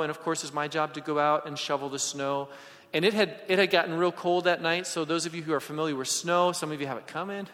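A man preaching a sermon and telling personal stories, swinging from loud emphasis to hushed asides. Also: fairly high pitch. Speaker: pastor. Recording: long hall reverb.

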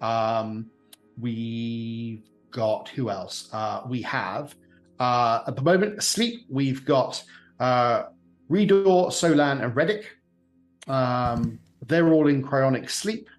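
A man's voice: medium pitch, takes it slowly, soft background music, lightly acted. A man voicing a nervous captive male elf who rambles and hesitates. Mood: hesitant.

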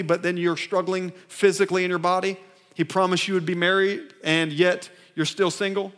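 A man's voice: high-pitched, fairly bright tone. A man preaching a sermon to a church congregation, emphatic and repetitive, often asking the crowd to answer back. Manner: call-and-response with the congregation; emphatic, repeats phrases and restarts. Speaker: pastor. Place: church service.

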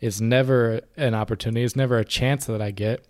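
Man, podcast co-host, earnest, reflective, mid pitch, casual chat. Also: fairly even intonation, brisk, a little mellow. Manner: earnest, reflective, many restarts. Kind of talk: casual conversation.

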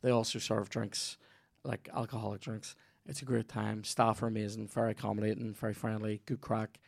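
A man's voice: lowish voice, level tone, brisk, gravelly, no room sound, studio quality. A Northern Irish man hosting a podcast, rambling through a profane, jokey sponsor read. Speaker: podcast host. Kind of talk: sweary comedic ad read.

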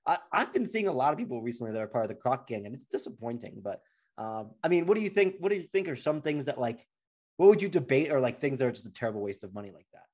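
A man's voice: mid-range voice, sing-song, quick pace, darkish tone. A man co-hosting a podcast in casual chat, playful and rambling, joking often. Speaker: podcast co-host.

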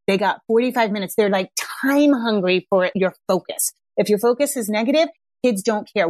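A woman's voice: mid-range voice, no room sound. Chatty woman parenting coach, dry sound. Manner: conversational, frequent tag questions like "right?" and "yeah?". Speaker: parenting coach and podcast host. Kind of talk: casual advice talk.

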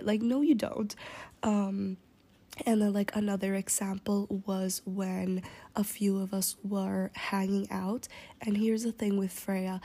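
A woman's voice: mid-range voice, flat delivery, normal speed, mellow. A young woman telling a story in a casual, rambling way, often slipping into an unvoiced whisper, swearing and using lots of fillers.

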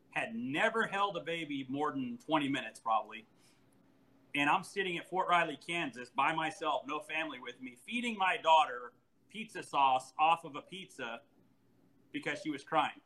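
A man in his forties, an animated storyteller who laughs often and restarts his sentences in casual chat. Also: a little high, normal speed, poor audio. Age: 40s.

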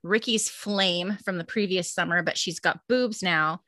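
Bright, tense Californian woman chatting. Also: lowish voice, a little slow, dry recording. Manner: rambling, laughing, sprinkled with "like". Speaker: podcast co-host. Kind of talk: casual chat.

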